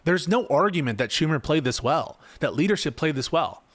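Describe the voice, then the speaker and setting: Man, streamer, casual commentary, profane, exasperated, fairly high voice. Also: animated, fairly quick. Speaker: political streamer reading chat.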